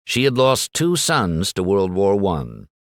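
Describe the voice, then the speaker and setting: A man reading an audiobook in a measured, dramatic storytelling manner. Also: deep voice, huge pitch swings, dry recording, studio quality. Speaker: audiobook narrator. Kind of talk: scripted audiobook narration.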